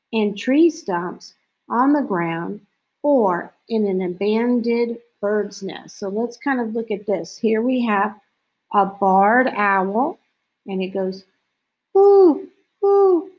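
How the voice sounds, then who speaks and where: A woman reading a picture book about owls aloud as a lesson, slow and clear, now and then mimicking owl calls. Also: mid-range voice, poor audio. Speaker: teacher reading to children.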